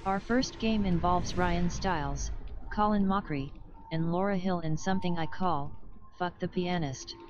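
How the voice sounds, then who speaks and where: A woman reading chat messages aloud in a flat, even way. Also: fairly low pitch, a little slow, dull audio, over music.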